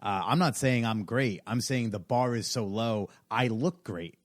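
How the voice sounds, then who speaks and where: Man from new jersey, low voice, joking and self-deprecating, dry close podcast mic. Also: a little slow, no echo. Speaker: podcast guest, comedian. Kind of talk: casual chat.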